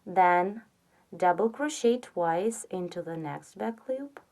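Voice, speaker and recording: A woman crochet instructor narrates a step-by-step tutorial slowly and patiently, softly counting stitches. Her pitch is lively.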